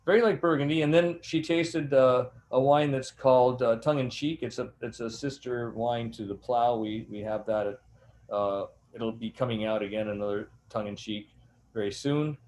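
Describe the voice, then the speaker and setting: An older man, a winemaker and master sommelier, telling rambling, animated stories in an interview. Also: mid-range voice, moderate pace. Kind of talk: anecdotal interview storytelling.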